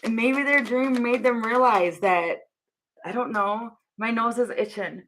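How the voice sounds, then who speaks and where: A woman's voice: on the high side, a little slow, a bit bright. A young woman giving a casual tarot reading to camera, rambling and laughing often as she thinks aloud. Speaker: tarot reader.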